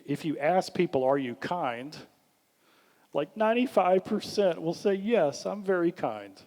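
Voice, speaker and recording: Animated man giving a workshop talk. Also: fairly high pitch. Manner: animated, acts out questions in a lifted voice. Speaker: workshop speaker. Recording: long hall reverb.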